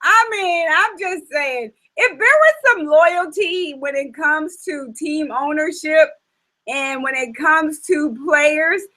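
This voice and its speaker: A woman's voice: high voice, pushed and bright, low-quality recording. A woman hosting a casual chat show, talking in an emphatic, opinionated way with many fillers. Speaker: host.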